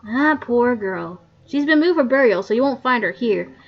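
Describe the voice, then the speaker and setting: A woman reading the lines of a grumpy old male coroner, loud and gruff, on a muffled lo-fi mic. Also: a little high, expressive, normal speed. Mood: grumbling.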